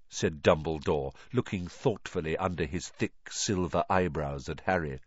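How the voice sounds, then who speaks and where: Guy reading an audiobook, dramatic, lowish voice, dry muffled sound. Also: expressive, moderate pace, dry recording. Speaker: narrator. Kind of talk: audiobook narration. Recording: dull lo-fi recording.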